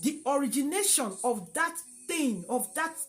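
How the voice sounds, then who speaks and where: A woman's voice: high voice, lively intonation, moderate pace, soft background music. A young woman, chatting to camera in an opinion vlog, with many fillers and long thanks to her viewers. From Nigeria. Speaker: vlogger.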